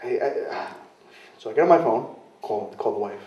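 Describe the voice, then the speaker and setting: A man's voice: medium pitch, expressive, normal speed, a little mellow. A man telling rambling, self-mocking stories in a casual interview, often mimicking other people's voices as he quotes them. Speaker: interview guest, wrestler. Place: club venue in London. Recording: roomy, distant, dull sound.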